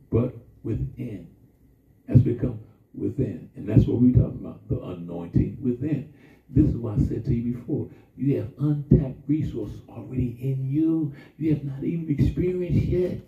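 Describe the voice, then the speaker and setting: A male preacher with a gravelly voice that swings up and down. His slow, drawn-out emphasis gives way to quick asides. The sound is thin and phone-like, and it echoes from far off in a big room. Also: mid-range voice. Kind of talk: sermon.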